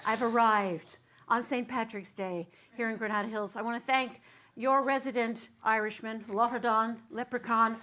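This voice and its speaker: Bubbly high-voiced woman minister. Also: steady tone, moderate pace, bright, forceful tone. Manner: bubbly, laughing, chatty. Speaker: guest minister. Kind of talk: sermon with singing and audience banter. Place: church sanctuary.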